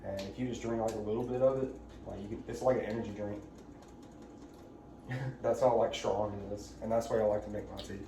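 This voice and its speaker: A man's voice: fairly low pitch, steady tone, a little fast, mellow. A young man, chatting casually while cooking and telling rambling stories full of "like". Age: young adult. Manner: rambling storyteller, lots of "like". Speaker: vlog co-host. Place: home kitchen. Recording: echoey room, distant mic, noisy.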